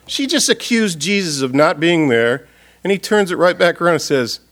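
Man, pastor, funeral sermon, earnest, expressive, slightly high voice, loud appeals and hushed tones. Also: normal speed. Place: church or funeral gathering.

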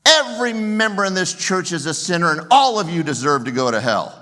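A man voicing a fired-up preacher who shouts at his congregation from the pulpit. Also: very animated, brisk, long reverb tail, full character voice. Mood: thundering. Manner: shouting, booming.

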